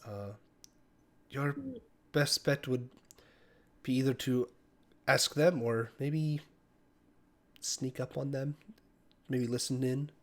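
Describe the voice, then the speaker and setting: A man voicing a calm female tentacled creature who looks after children, speaking in a polite, measured, wary way. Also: medium pitch. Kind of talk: tabletop role-play voice.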